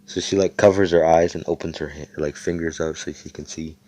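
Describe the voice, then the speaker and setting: A young man with a deep voice tells an improvised fan story. He rambles in a profane, slangy way and keeps correcting himself as he goes. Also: fairly even intonation, fairly quick, darkish tone.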